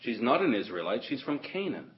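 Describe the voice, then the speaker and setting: A man's voice: medium pitch, big pitch swings, fairly quick. A man preaching an expository sermon, emphatic, repeating and stressing his points. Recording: dull lo-fi audio recording.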